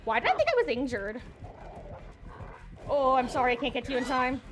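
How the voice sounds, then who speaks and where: A woman streaming a video game, chatting casually with her viewers and reacting excitedly to the play. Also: sits high. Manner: chatty, excitable, quick to laugh. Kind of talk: casual gameplay commentary.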